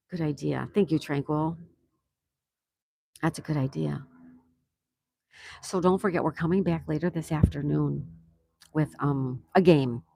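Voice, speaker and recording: A man's voice: on the high side, gravelly, darkish tone, dry recording. A man hosting a casual livestream, reading viewer comments aloud and reacting with easy laughs. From United States. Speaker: livestream host reading chat. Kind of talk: casual live chat.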